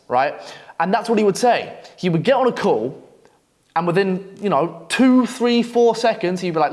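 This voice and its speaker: Young male coach, slightly high voice, brash and profane, blunt storytelling delivery. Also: sing-song, normal speed, darkish tone. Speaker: copywriting coach. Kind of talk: profane, blunt advice monologue.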